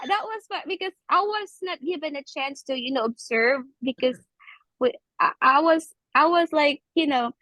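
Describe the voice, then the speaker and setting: Filipino woman with a Bisaya accent, high and bright, animated storyteller acting out her students, dry close call audio. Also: normal speed, dry recording. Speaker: teacher and guest speaker. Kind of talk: casual video call chat. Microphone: video call.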